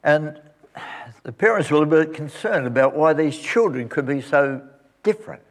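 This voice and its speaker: A male pastor telling a story at the close of a sermon and leading a quiet prayer. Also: fairly high pitch, animated, normal speed. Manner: storytelling, then soft reverent prayer.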